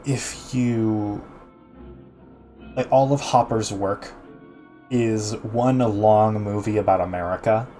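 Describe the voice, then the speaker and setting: His voice sits on the low side and sounds a little mellow. He streams a casual art gallery talk, chatty and full of restarts and fillers, laughing easily and reading his chat aloud as he answers it.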